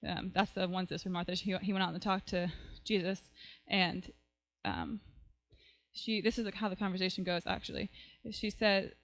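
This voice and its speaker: A woman pastor retells a story to her congregation in a relaxed, chatty way, dropping in "like" and "right?" as she goes. Her voice sits in a middle pitch and sounds smooth and resonant. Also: normal speed, low-quality recording. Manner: conversational storytelling, frequent "like" and "right?". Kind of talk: sermon.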